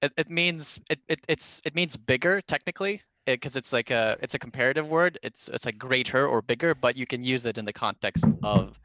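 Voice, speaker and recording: A man's voice: mid-range voice, brisk, hardly any pauses, pushed and bright, no echo. A man in a casual group call, chatty, laughing often and explaining with restarts. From Arab background.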